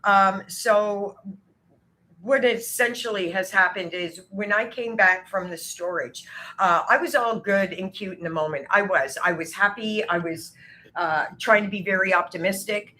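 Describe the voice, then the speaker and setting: A woman vlogger speaks haltingly to her camera and pauses often on filler words. Her voice is bright and sharp. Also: mid-range voice. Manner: halting, hesitant, many fillers. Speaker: video creator. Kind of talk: vlog monologue.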